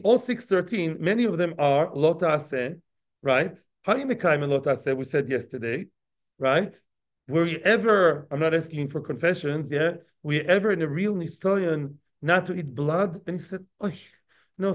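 Teaching a daily Talmud class, a man with a fairly high, expressive voice talks conversationally with his students. He keeps checking in with them through quick tag questions, and the recording comes across muffled and lo-fi.

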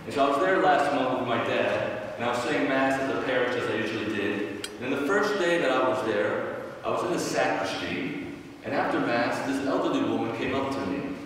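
A man, a priest, giving a homily in a loud, storytelling manner. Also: medium pitch, brisk, slight background noise. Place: church. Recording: echoey church from far off.

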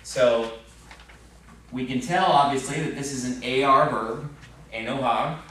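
A man's voice: mid-range voice, measured pace, a bit bright. A man teaching a Spanish class, explaining patiently and asking the class questions, with a frequent "okay?". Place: church classroom. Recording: very echoey classroom recorded from far off.

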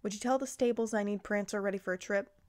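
A woman's voice: mid-range voice, steady tone, fast talker, darkish tone, no room sound, clean studio sound, close to an everyday voice. A woman reading the lines of Santa, an earnest, worried father and uncle, in a plain, sincere voice.

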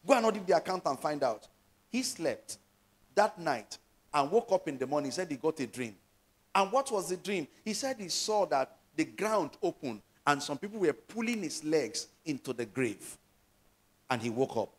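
A male pastor delivers a sermon, reading Bible verses aloud and explaining them. His voice sits a little above the usual pitch for a man. He keeps turning to his listeners with questions as he preaches. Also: sing-song, normal speed. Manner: preaching with call-and-response questions.

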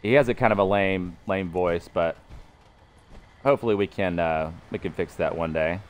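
A man's voice: low voice, normal speed. A man streaming a game while commenting in a put-on cartoon mayor voice with a Boston-style accent that slips toward Brooklyn. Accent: Boston-style impression with slips of Brooklyn. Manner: talks in a put-on politician cartoon voice, rambling. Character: pompous male cartoon mayor impression. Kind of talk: let's play commentary in a cartoon mayor impression.

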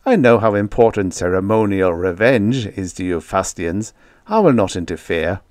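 A man's voice: lowish voice, moderate pace, a little mellow, no room sound, close to an everyday voice. A man voicing a practical, wisecracking male diplomat with a dry delivery. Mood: wry, brisk.

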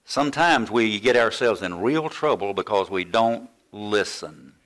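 A man's voice: on the low side, a little slow. An older man preaching a sermon, telling a story from his student days and acting out the voices of the people in it. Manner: animated storytelling, acts out quoted voices. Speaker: pastor.

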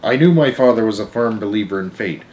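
A man's voice: on the low side, lively intonation, fast talker, darkish tone, rough recording. A man reading a chapter book aloud as storyteller, earnest and emotional, now and then restarting a phrase.

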